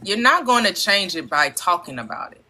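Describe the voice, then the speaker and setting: Bright-voiced woman hosting a spiritual talk. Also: mid-range voice, very animated, normal speed, a little hiss or hum, low-quality recording. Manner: affirming, preacher-like explanations. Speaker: host. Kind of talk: spiritual talk show conversation.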